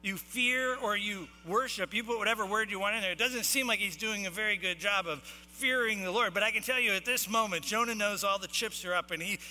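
A man preaching a sermon as pastor, reading scripture and explaining it in casual, animated talk. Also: sits high, brisk, hardly any pauses. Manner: animated, acts out the sailors' shouting. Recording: long hall reverb, faint music and mains hum.

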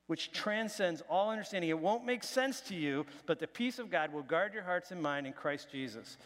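A man's voice: high-pitched, moderate pace, few pauses, fairly bright tone. Man preaching in an echoing hall. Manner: conversational, self-deprecating preaching with restarts. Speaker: pastor. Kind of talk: sermon. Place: church sanctuary.

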